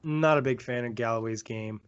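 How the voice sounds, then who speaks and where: A man co-hosting a casual basketball podcast, analyzing players quickly with frequent fillers. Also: mid-range voice, clear, resonant tone. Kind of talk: casual sports chat. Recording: dull lo-fi sound.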